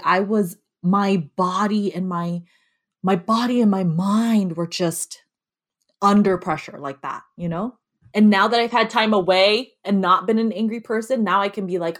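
A woman in a relaxed, frank conversation about her own moods. She tells stories with lively asides and talks easily about her own life. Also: medium pitch, measured pace. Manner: candid, animated storytelling. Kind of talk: casual conversation about anger.

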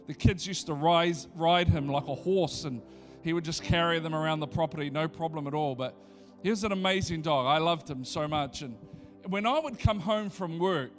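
Pastor, pretty high voice, chatty then fired up, quiet music in the back. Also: male voice, moderate pace. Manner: builds from conversational to excited, repetitive preaching. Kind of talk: sermon.

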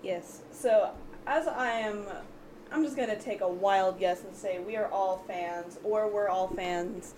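A woman's voice: medium pitch, unhurried, a little mellow, slight background noise. A woman co-host in a casual panel chat who explains stories at some length.

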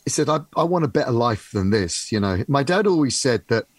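A man, a musician with Italian parents, chatting and telling animated stories. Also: mid-range voice, fairly quick, no room sound. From Britain, to Italian parents. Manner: animated storyteller, acts out family voices. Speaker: musician and singer. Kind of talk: casual chat.

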